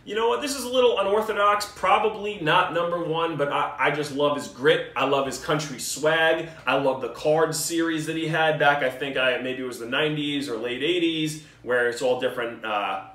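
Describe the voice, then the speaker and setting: A man's voice: a little high, moderate pace, hardly any pauses, bright, forceful tone. A man, joking and cursing as he talks through his picks in a casual video response. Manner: joking, swearing, enthusiastic banter. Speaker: vlogger. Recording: roomy echo, mic at a distance.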